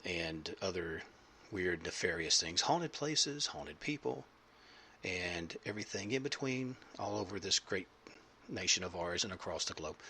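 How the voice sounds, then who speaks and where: A man's voice: deep voice, bright, forceful tone, slight background noise. A man hosting a podcast interview, talking in a loose, rambling way with lots of fillers and jokes. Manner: rambling, filler-heavy, jokey. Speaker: podcast host.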